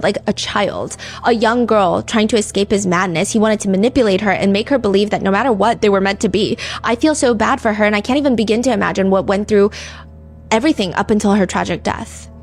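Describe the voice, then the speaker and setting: Woman, true crime host, casual conversational delivery, average pitch, loose and chatty. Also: quick pace, faint music behind. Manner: chatty, lots of "like" fillers, reads lyrics aloud.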